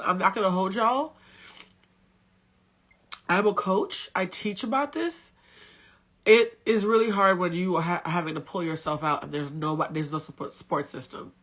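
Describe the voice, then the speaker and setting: Bright-voiced woman telling a candid story. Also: fairly low pitch. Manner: candid, blunt, swears freely. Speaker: spiritual coach and tarot reader. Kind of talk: casual live-stream storytelling. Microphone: phone.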